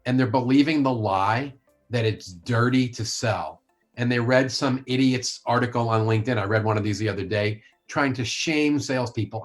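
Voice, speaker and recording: A man's voice: mid-range voice, moderate pace, faint music behind. A man talking as a sales coach and author in a podcast interview, blunt, emphatic and opinionated.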